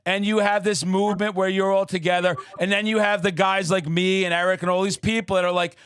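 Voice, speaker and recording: A man hosting a podcast interview, talking in a loud, profane, fired-up way with shouted bursts. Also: high-pitched, flat delivery, fairly quick, smooth, dry recording, clean studio sound. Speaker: podcast host. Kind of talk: casual interview chat.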